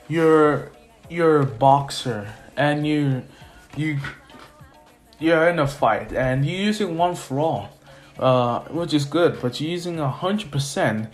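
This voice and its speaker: A man's voice: mid-range voice, slow, soft background music. A young man casually retelling a made-up fan story in a rambling way, full of fillers and little laughs.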